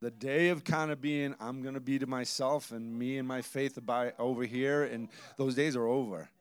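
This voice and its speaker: A man preaching a sermon, telling stories with quoted dialogue and building to emphatic loud bursts, then dropping to low intense asides. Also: steady tone, normal speed, smooth, no room sound. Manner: storytelling with quoted dialogue and restarts. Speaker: pastor.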